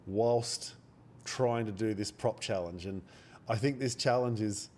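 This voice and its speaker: Quiet man with a cold. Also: on the low side, measured pace, slight background noise. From Australia. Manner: speaks quietly, blunt and swearing. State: has a cold. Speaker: day trader live-streaming. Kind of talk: quiet live-stream chat. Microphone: microphone held very close.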